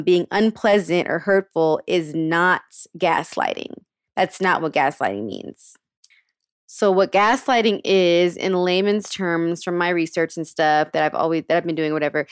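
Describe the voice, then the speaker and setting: A woman's voice: on the low side, clean tone, dry recording, studio quality. A young woman hosting a podcast, giving casual advice in a frank, slangy way with casual cursing. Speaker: podcast host.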